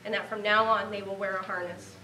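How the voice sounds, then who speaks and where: A woman's voice: mid-range voice, little pitch movement, a little fast, roomy sound, recorded from a distance, very noisy. A woman in her thirties from Nebraska giving a heartfelt award acceptance speech, earnest and grateful. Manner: heartfelt, earnest, speaking of a lost relative.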